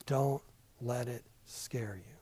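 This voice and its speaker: A man's voice: mid-range voice, takes it slowly, very noisy. An older man teaching a casual Bible class in a church classroom, chatty and self-deprecating, with many asides.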